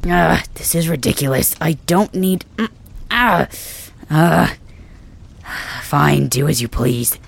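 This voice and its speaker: A performer voicing a stubborn, wounded young male dragon king in an ASMR role-play, gruff and brusque, swearing through the pain. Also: mid-range voice, slow pace, pauses often, full character voice.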